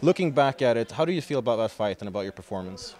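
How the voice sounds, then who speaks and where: A man's voice: mid-range voice, lively intonation, fast talker, a little mellow. A man in a middle voice interviews a fighter in a gym. He is chatty and asks long, winding questions. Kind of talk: casual sports interview. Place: sports gym.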